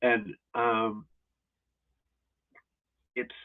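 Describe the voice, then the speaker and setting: A man's voice: on the low side, flat delivery, extremely slow. A man hosting a livestream as a golf instructor, in a casual, rambling, blunt and profane rant. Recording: tinny phone-like audio.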